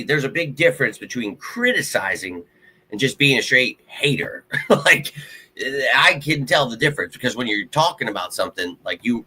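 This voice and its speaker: A man's voice: fairly low pitch, sharp tone, husky, low-quality recording. A man hosting his own live sports show, rambling bluntly and heatedly about his football team to viewers. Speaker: sports podcast host. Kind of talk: casual fan commentary to a live stream.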